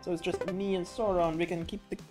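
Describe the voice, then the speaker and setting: A woman's voice: on the low side, fairly even intonation, fast talker, music in the background. A woman streaming a game, giggly and hyper, chatting playfully with her teammates. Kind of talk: casual gaming stream chat.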